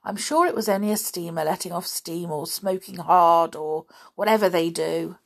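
A woman's voice: fairly low pitch, normal speed, creaky. Woman doing wry level-headed boy Dick. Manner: wry, reasoning.

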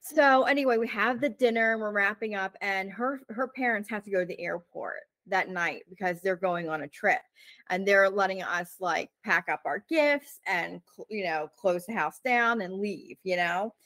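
A woman's voice: medium pitch, moderate pace, no room sound. Chatty woman telling a story. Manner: animated, fills with "like" and "you know", acts out quotes. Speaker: podcast co-host. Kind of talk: casual storytelling chat.

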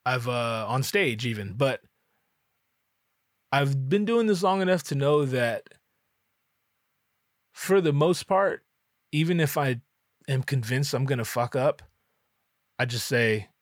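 A man's voice: mid-range voice, animated, slow pace, pauses often, no echo, clean studio sound. A man, a rapper, telling a personal story casually, candid and swearing freely.

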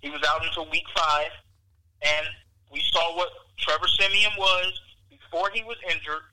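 A man calling in by phone to a sports talk show, giving emphatic, measured opinions. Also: on the high side, steady tone, pushed and bright, rough recording. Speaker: caller. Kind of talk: sports commentary. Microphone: phone call.

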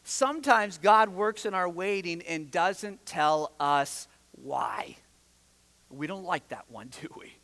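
A male pastor delivering a sermon in a high, bright voice, retelling a story with animated energy and slipping into the characters' voices. His voice rings out in a church sanctuary with a long, hanging reverb. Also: slow.

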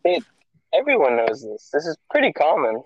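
A man's voice: a little high, wildly swooping pitch, normal speed, breathy edge, no room sound, muffled recording. A young man co-hosting a podcast in casual chat, firing back teasing, matter-of-fact comebacks. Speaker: podcast co-host.

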